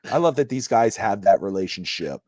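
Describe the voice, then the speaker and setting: A man's voice: on the low side, expressive, fairly quick, warm tone, no room sound, clean studio sound. A man co-hosting a casual sports podcast, rambling through stories with lots of fillers. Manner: rambling, storytelling with repeated fillers. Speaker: podcast co-host. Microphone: live stream microphone.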